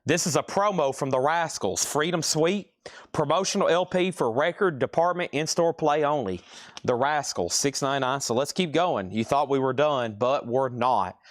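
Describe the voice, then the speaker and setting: Southern man, mid-pitched, drawling host voice, dry close sound. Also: moderate pace, dry recording. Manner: drawls out words; chatty, reads out titles and prices. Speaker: live sale host. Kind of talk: live-stream record sale.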